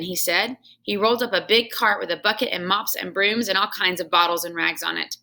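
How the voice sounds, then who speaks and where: A woman's voice: fairly low pitch, brisk, vocal fry, few pauses. A woman reading a children's book aloud at home, telling it expressively as a storyteller. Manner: expressive storytelling with home asides to her son. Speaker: reader.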